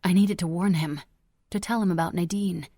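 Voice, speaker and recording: A woman narrating a dark romance audiobook in the first person, tense and dramatic. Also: lowish voice, fairly even intonation, moderate pace, no echo, studio quality.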